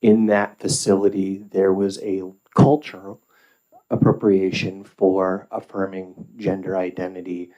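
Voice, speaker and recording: Deep, flat-voiced middle-aged man testifying. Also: muffled recording. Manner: measured, with filler pauses. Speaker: parent testifying at a hearing. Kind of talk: formal public testimony. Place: legislative hearing room.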